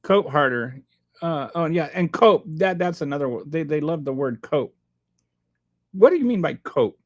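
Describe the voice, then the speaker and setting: Sarcastic male streamer, high voice, reading chat and rambling. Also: animated, normal speed. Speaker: live streamer.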